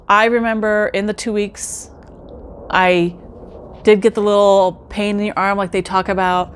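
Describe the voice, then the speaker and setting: A woman's voice: mid-range voice, a little hiss or hum. Chatty woman telling her story. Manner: chatty, addresses viewers directly, acts out quoted remarks. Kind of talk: casual personal storytelling.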